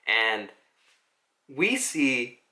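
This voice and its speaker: A man's voice: medium pitch, sing-song, very slow, pushed and bright. A man giving a casual manga chapter recap, rambling, swearing and leaning on fillers. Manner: rambling, filler-heavy, profane.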